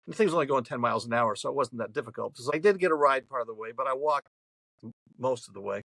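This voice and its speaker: A man in his seventies from New York State is a podcast guest, telling a long, rambling anecdote with chatty restarts. He talks fast, with a mid-range, slightly bright voice, lively intonation, and vocal fry. The recording is dry and rough.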